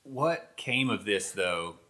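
A man co-hosting a casual podcast in a laid-back, measured way. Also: fairly low pitch, animated, bright, forceful tone. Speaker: podcast co-host. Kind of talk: casual chat.

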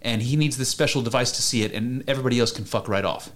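A man in an easygoing conversation who talks plainly and bluntly and now and then swears offhandedly. His voice is of ordinary pitch, and he tells his stories in a loose, natural way. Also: fast talker. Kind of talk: casual conversation.

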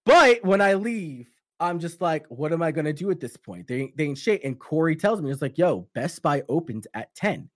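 A man telling a profane, animated story in casual chat with friends. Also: fairly high pitch, moderate pace, hardly any pauses, no echo, studio quality.

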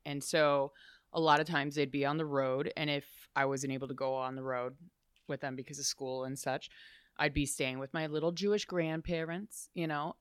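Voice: mid-range voice, clear, resonant tone, dry recording, studio quality. A guest from Chicago telling stories in a casual interview, rambling with lots of "like" asides. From Chicago, USA. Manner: chatty, rambling, full of "like" asides.

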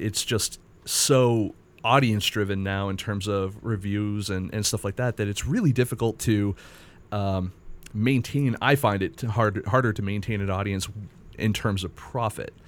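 A man with a fairly low voice chats easily as a podcast guest. He rambles in a personable way, restarting sentences as he goes. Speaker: guest, indie film critic. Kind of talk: casual podcast chat.

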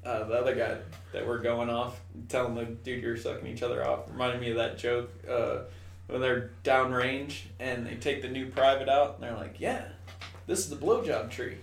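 A man's voice: mid-range voice, flat delivery, moderate pace, creaky. Profane joke-telling man in an echoey room. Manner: storytelling joke teller, profane. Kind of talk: crude casual chat. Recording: roomy, distant mic, faint noise.

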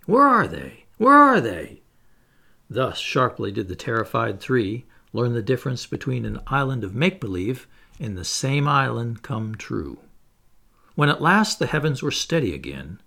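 A man narrating a classic children's storybook aloud in an expressive, animated reading. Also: medium pitch, vocal fry. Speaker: audiobook narrator.

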